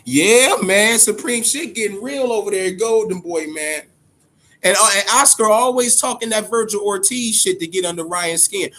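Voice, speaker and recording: A man giving casual, profane boxing talk, animated and storytelling, slipping into quotes of other people. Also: high-pitched, normal speed. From Ohio, USA. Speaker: boxing commentator.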